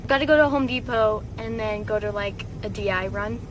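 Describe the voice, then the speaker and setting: A young woman talking casually to the camera, bubbly and excitable. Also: medium pitch, moderate pace, slight background noise, poor audio. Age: young adult. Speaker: family vlogger's daughter. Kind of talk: casual vlog talk to camera.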